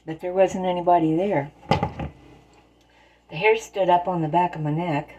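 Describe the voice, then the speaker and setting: A woman's voice: on the low side, fairly even intonation, moderate pace, muffled recording, background noise. A woman telling folksy stories in plain, rural turns of phrase while she bakes in her home kitchen. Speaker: storyteller and home baker. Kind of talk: casual spoken storytelling while baking.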